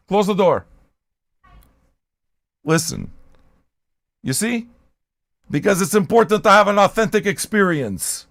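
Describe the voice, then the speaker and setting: A loud, excitable man rants his way through hosting a record-listening livestream, shouty, abrasive and full of swearing. His voice sits fairly high, and the sound is dry, with little room around it. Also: creaky, dry recording. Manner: profane, excitable. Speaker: host of a record-listening show. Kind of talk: loud ranting livestream chat.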